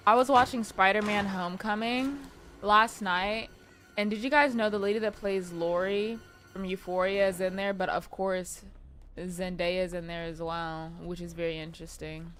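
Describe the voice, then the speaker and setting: A young woman streaming a game, chatting casually and excitably with her chat and swearing freely. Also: medium pitch, moderate pace, soft background music. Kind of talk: casual live-stream chat while gaming.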